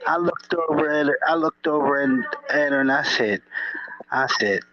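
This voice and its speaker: A man's voice: on the high side, normal speed, sharp tone, dry recording. A man hosting a casual chat, telling a story with many repeats and restarts. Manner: repeats himself, restarts stories. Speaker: host. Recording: dull dry lo-fi audio.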